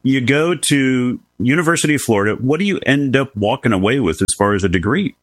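A middle-aged man hosting a casual interview, asking questions in a relaxed way. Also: mid-range voice, brisk, no room sound, clean studio sound. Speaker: host.

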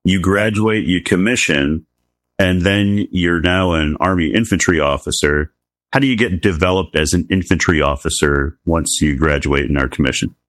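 A man's voice: low voice, normal speed, a bit bright, no room sound. A man hosting an interview, asking brief questions to steer the story. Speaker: podcast interviewer.

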